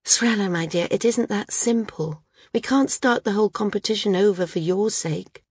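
A woman's voice: mid-range voice, darkish tone, slightly rough, dry recording, clean studio sound, pitched above the performer's own voice, lightly acted. Woman reading an apologetic female judge. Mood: placating. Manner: measured, placating.

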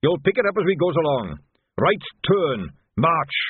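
A gruff old sergeant as a male narrator puts him on, barking rough commands with broken grammar in a husky, lively voice. The sound is tinny and phone-like, dry and close. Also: fairly high pitch, moderate pace, no echo, pitched above the performer's own voice, exaggerated voice. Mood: bellowing. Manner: rough barked commands, ungrammatical speech.

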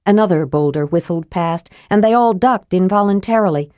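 A woman narrating a fantasy audiobook in a steady, measured storytelling manner. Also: fairly low pitch, no echo, studio quality.

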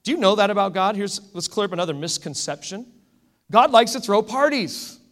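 A man preaching a sermon as a pastor, telling stories in an animated way that swings between loud and hushed. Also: sits high, fairly quick. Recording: echoey hall.

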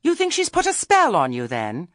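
A shrill, imperious witch who talks down to everyone around her, as a male narrator puts her on. Her voice jumps up high and loud, with a husky edge under it. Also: expressive, normal speed, no echo, studio quality, full character voice. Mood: indignant. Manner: imperious, indignant. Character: shrill, haughty woman, a pompous witch.

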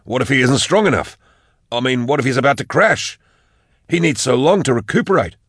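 A fretful accomplice speaks in a tight, worried voice, lifted higher than the narrator's plain tone, as a man acts him out. The voice sits close and dry, storybook-style. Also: lively intonation, brisk, darkish tone, no echo. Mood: anxious. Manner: nervous, fretting. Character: anxious young male accomplice.

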